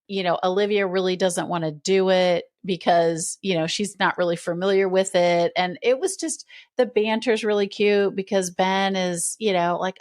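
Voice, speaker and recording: A woman co-hosts a relaxed podcast chat, breaking into frequent laughter as she acts out bits of dialogue. Her voice is recorded close and dry, with no room sound. Her pitch sits in an ordinary middle range for a woman. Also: normal speed, dry recording. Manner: giggly, animated retelling of scenes. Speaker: podcast co-host. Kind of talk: casual chat.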